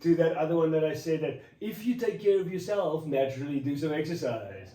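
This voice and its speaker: A man talking in a casual devotional vlog, animated and a bit preachy, rambling with restarts. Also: fairly high pitch, brisk. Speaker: vlogger. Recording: roomy echo, mic at a distance.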